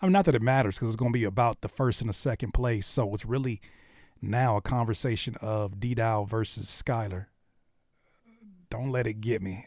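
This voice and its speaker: A man's voice: fairly low pitch, fairly even intonation, normal speed, a little mellow, no room sound, studio quality. A man hosting a live music reaction stream, bantering and teasing his chat viewers. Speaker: livestream host reacting to music.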